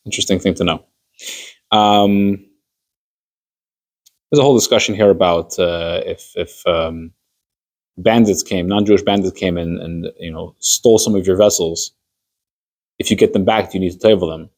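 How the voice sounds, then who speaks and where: A man's voice: deep voice, moderate pace, pauses often. A man, a rabbi, teaching an informal class on Jewish law. He talks conversationally, walking through everyday hypothetical stories and acting out little scenes of quoted dialogue.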